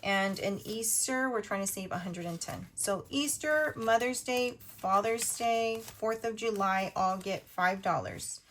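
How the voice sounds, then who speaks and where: A woman in her thirties hosting a budgeting video, chatting casually while she counts cash out loud. Her voice is going a little hoarse. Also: mid-range voice, a little hiss or hum. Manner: chatty, counts money out loud, quick asides.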